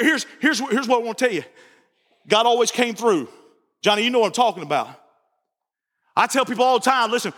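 A man preaching with a very high, bright, sharp voice, animated and joking and often repeating himself. His voice rings through a church sanctuary with a long reverb. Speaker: pastor. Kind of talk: sermon.

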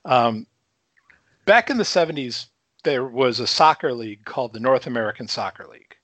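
Animated storytelling man in his fifties. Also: medium pitch, moderate pace, no room sound. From Chicago. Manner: animated storyteller, swears freely, chuckles between lines. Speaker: podcast guest. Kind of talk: casual storytelling.

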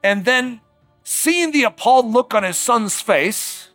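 A man preaching a sermon, emphatic and conversational, slowing down for dramatic words and dropping quiet at times. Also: high-pitched, no echo, faint music behind. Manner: animated, emphatic, with dramatic slowdowns and quiet drops; conversational fillers like "like" and "uh".

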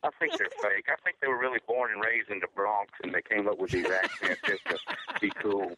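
A man's voice: fairly low pitch, fairly quick. A man co-hosting a podcast roundtable, cracking dry jokes and stumbling over his words. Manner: dry joker, stumbles and repeats. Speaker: co-host. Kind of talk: casual roundtable chat. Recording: dull lo-fi line with faint hiss.

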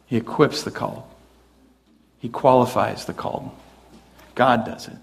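A man's voice: mid-range voice, fairly even intonation, a little slow, gravelly. Man preaching a casual sermon. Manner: conversational, with restarts and acted quotes. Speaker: pastor.

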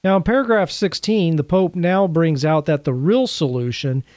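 Male presenter, earnest and chatty with dry sarcasm, somewhat high voice, dry close sound. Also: normal speed, a little mellow, no echo. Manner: earnest, conversational, dryly sarcastic asides. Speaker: Catholic teacher presenting a series. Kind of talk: teaching talk to camera.

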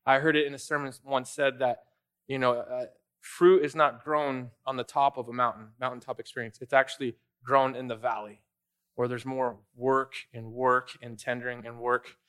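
A man's voice: mid-range voice, flat delivery, normal speed, a bit bright, smooth. A younger male pastor preaching a sermon in a church, talking in a loose, conversational way with fillers and restarts. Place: church sanctuary.

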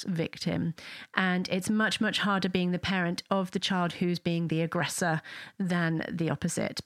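A woman's voice: lowish voice, fairly bright tone, no echo, clean studio sound. A woman hosting a parenting show, chatting casually to listeners, asking tag questions and acting out what parents say. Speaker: parenting podcast host. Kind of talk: casual solo talk to listeners.

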